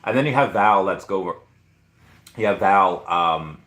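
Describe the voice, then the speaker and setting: Hoarse rambling man in a roomy echo. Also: deep voice, moderate pace, a bit bright. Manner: rambling, filler-heavy storytelling. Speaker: comic and collectibles YouTuber. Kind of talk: casual live stream chat.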